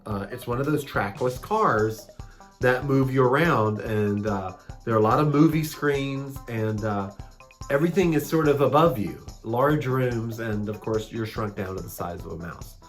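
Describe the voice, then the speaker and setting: Halting man panelist with many fillers. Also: mid-range voice, faint music behind. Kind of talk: casual panel chat.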